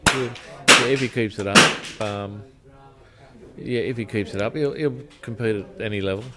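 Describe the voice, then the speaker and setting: An Australian shooting coach speaking in a laid-back, hesitant way at an outdoor range. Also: male voice, lowish voice, moderate pace, very noisy. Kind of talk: documentary interview. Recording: loud gunfire behind.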